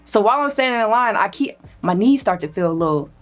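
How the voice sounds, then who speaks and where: A young woman telling a comedic personal story in a casual, animated way, cursing freely and acting out what others said. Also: medium pitch, fast talker, soft background music. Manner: animated, profane, acts out quoted voices. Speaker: storyteller guest.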